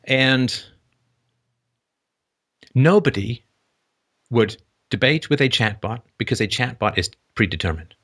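A man's voice: medium pitch, lively intonation, unhurried, long pauses, fairly bright tone. A man hosting a call-in show, talking in a loose, digressive way and acting out little dialogues. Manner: digressive, acts out dialogues with shifting voices, laughs at own jokes. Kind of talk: casual philosophical call-in talk.

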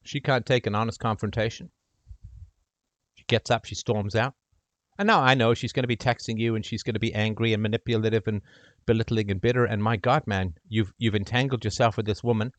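A man hosting a call-in show, giving impassioned advice and speaking to the caller's brother in role-play, swinging from loud to hushed. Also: on the low side, steady tone, brisk, no room sound.

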